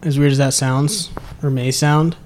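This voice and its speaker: A man chatting as a podcast guest, an animated storyteller who restarts phrases and laughs often. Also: mid-range voice, a little slow, a little hiss or hum. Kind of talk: casual chat.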